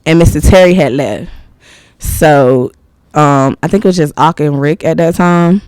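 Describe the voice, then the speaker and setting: A woman's voice: deep voice, unhurried, darkish tone, smooth, no echo, studio quality. A woman in her thirties, a podcast guest telling stories in a candid, rambling way, laughing often. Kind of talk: casual interview storytelling.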